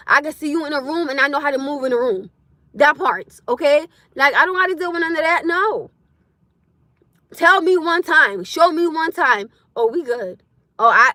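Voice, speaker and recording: A woman chatting loudly and bluntly on a live stream from inside her car, laughing often. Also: high voice, dry recording, studio quality. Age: adult with a school-age son. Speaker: livestreamer. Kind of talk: casual live-stream chat.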